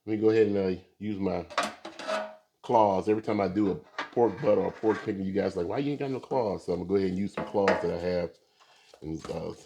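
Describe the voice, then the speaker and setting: A man's voice: low-pitched, fast talker, vocal fry, background noise. A man hosting a casual barbecue video, talking viewers through shredding and tasting pork with an easygoing, filler-filled delivery. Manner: relaxed, talks to viewers with many fillers. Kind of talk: casual cooking demonstration.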